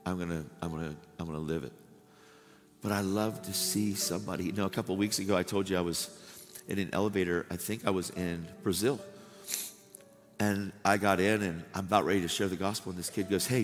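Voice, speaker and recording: A man preaching at a revival night, emotional and tearful, laughing between lines as he tells stories. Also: sits low. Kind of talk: sermon. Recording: live hall with music behind.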